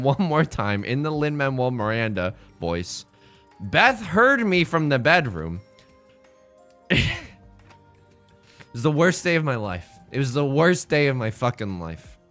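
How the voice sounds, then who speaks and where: Animated young man, bright lively voice. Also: fairly high pitch. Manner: animated, rambling storyteller with quick self-corrections. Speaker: streamer. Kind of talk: casual chat while playing online mahjong.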